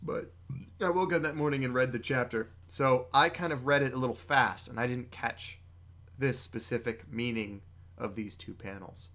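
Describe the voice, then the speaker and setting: A podcast co-host with a bright, forward tone, recapping a comic chapter in loose, profane casual chat. The delivery swings from offhand mumbling to loud, excited bursts. The pitch stays in a middle range. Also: moderate pace.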